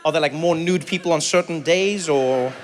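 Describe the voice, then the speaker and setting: A middle-aged man from South Africa doing animated stand-up comedy with crowd work, acting out voices as he tells stories. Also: fairly high pitch, moderate pace, slight background noise. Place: large theater stage. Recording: reverberant hall with faint ambience.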